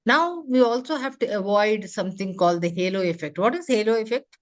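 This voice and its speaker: In her interactive classroom lecture, a corporate trainer quizzes her students with rapid questions and often falls back on "you know" and "huh?". Her mid-range voice is expressive.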